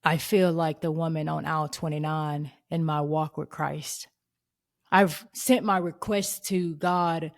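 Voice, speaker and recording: A woman in her thirties hosting a faith podcast, telling a personal story in an earnest, expressive way and acting out the voices in it. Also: low voice, a little slow. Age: 30s. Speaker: podcast host.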